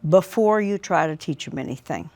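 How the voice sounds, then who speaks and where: A woman's voice: deep voice, lively intonation, normal speed, darkish tone. Woman relationship expert, storytelling. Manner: acts out both sides of dialogues when telling stories. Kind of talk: conversational interview.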